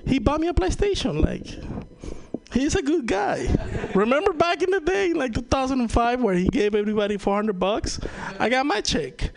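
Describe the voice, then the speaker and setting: Stand-up comic, Spanish native, Venezuelan accent, raised gravelly voice, loose and profane. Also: male voice, very high-pitched, animated, normal speed, background noise. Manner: loose, profane, laughs at own jokes. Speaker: stand-up comedian. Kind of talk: stand-up comedy set. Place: comedy open mic.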